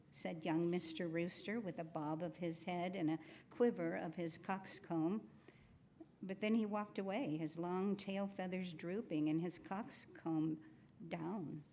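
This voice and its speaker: Woman, storyteller, children's story read aloud, gentle, low pitch, faint rumble behind. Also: fairly even intonation, a little slow, vocal fry. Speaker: storyteller at a worship service.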